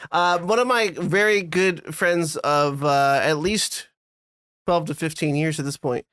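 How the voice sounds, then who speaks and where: A man's voice: a little high, a little slow, a bit bright, smooth, no echo, studio quality. A man co-hosting a podcast, telling a rambling, self-deprecating story in casual chat with frequent restarts. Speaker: podcast co-host.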